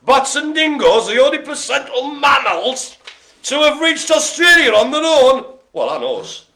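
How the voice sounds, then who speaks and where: A man's voice: very high voice, big pitch swings, measured pace, sharp tone. A man hosting a live bingo game, playful and punning, laughing often. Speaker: bingo host. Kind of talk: jokey live bingo calling. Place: care home activity room.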